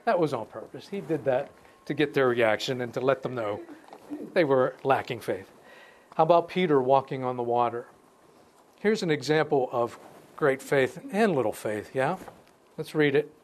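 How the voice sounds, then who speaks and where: A man leads a casual Bible lesson at an ordinary pitch. He reads scripture and breaks off to add his own remarks. He talks like he is chatting with a small group and often restarts his phrases. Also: lively intonation. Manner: conversational, pauses to comment between verses, restarts phrases. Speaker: Bible teacher. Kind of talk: informal Bible study talk with scripture reading.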